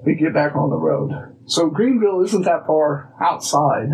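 A man from Illinois, a guest telling a personal story casually, animated and acting out bits of dialogue. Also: a little high, a little slow, low-quality recording. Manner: animated, acts out dialogue, restarts phrases.

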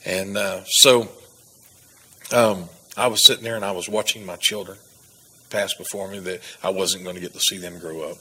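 A man's voice: low voice, steady tone, moderate pace, sharp tone, a little hiss or hum, low-quality recording. A man from Texas, earnestly telling his personal testimony as a guest. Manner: earnest storytelling with laughs and restarts.

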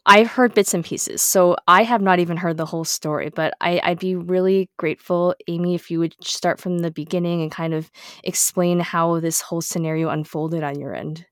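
A woman's voice: fairly low pitch, steady tone, normal speed, no echo, studio quality. A woman hosting a podcast, encouraging her guest to tell her story.

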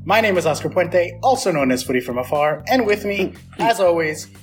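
A man hosting a casual podcast chat, chatty and laughing often, with a slight vocal fry. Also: high-pitched, animated, fairly quick, over music. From United States. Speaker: podcast host.

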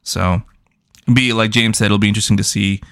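A man's voice: lowish voice, fairly even intonation, fairly quick, gravelly, fairly bright tone, clear, resonant tone, no room sound, clean studio sound. A young man co-hosting a movie review podcast, talking loosely, joking and swearing. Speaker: podcast co-host. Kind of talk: casual movie review chat.

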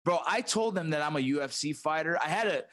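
A man with a fairly high voice hosts a loose, casual conversation. He swears freely and laughs often, riffing on stories with a guest. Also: expressive, quick pace, a bit bright. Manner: profane, laughing, loose banter. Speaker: host. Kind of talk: casual podcast chat.

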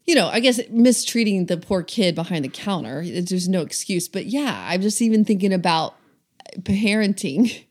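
A woman's voice: mid-range voice, lively intonation, moderate pace, a little mellow. A woman co-hosting a casual podcast chat, thinking aloud with hesitant restarts about parenting.

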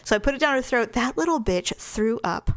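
A middle-aged woman co-hosting a podcast, telling stories in a blunt, animated way and swearing freely. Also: on the high side, a little fast. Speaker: podcast co-host. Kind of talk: casual chat.

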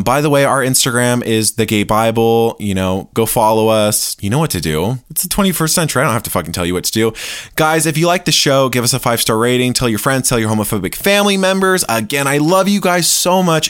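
A man's voice: medium pitch, animated, brisk, fairly bright tone, clear, resonant tone, no echo, clean studio sound. A man hosting a casual solo podcast, flamboyant, profane and joking as he talks to his listeners. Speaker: podcast host.

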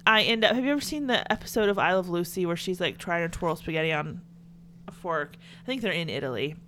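Southern young woman co-host, animated pitch, playful chatty podcast talk, faint hum. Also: fast. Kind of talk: casual chat.

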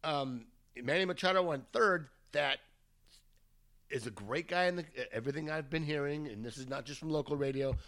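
A man's voice: fairly high pitch, normal speed, fairly bright tone. A man co-hosting a podcast in loose, chatty talk that drifts off track. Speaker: podcast co-host. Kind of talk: casual chat.

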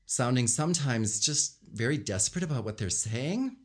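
In a mid-range voice at normal speed, a man coaching communication explains body language and vocal melody as instructional commentary on speaking. His manner is animated as he demonstrates tones and gestures.

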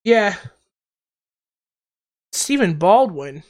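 A man from Canada hosting a podcast in casual chat, high on mushrooms, rambling and giggling with slangy talk. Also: very animated, drawn-out words. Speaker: podcast host.

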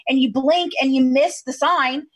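Podcast guest, woman from Kentucky, higher voice, rambling storyteller on a video call. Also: normal speed, a little hiss or hum. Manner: chatty storyteller with many fillers. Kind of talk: casual interview chat over video call.

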